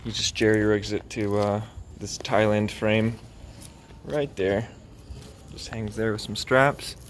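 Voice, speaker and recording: A man narrating a casual vlog as he preps and flies a paramotor outdoors, chatty and easygoing, getting excitable in flight. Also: on the low side, takes it slowly. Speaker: paramotor pilot vlogger. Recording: loud wind and engine noise outdoors.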